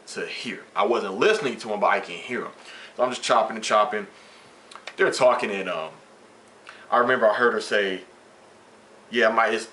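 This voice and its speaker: A man's voice: lowish voice, slight background noise. A man vlogging, casually retelling a workplace story with slang and swearing and acting out the dialogue. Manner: animated, slangy, profane retelling with quoted dialogue.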